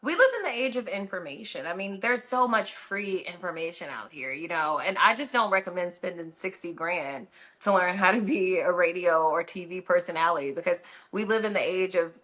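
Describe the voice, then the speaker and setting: A woman radio host chatting as a podcast guest and handing out frank, practical advice. Her voice sits lower than most women's but comes across bright and forceful. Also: fairly quick. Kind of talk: casual podcast interview.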